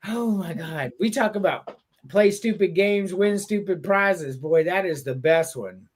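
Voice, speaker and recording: A man's voice: sits high, unhurried. A man hosting a podcast in casual chat, telling stories loosely and swearing as he laughs along. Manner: animated, laughing, profane storytelling. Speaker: podcast host.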